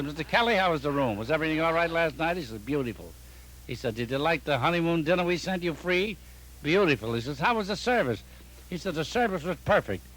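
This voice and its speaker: A comedian telling rapid-fire deadpan jokes on a telephone joke line. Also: male voice, on the high side. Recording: noisy archival recording with clicks.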